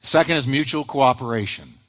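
A man's voice: mid-range voice, a little fast, a bit bright, big-room sound. A pastor preaching a sermon to a congregation, acting out the quoted lines of the people he describes.

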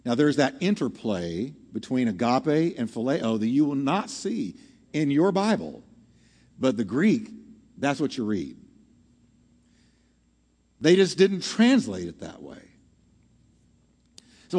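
A man preaching a teaching sermon to a congregation, animated and often asking the audience questions. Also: a little high, slow pace, long pauses. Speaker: pastor. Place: church hall with live audience. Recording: long hall reverb.

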